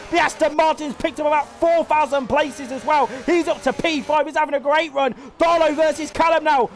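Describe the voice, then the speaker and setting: In a very high voice, a man calls a sim race live, getting excitable and swearing freely as the action unfolds.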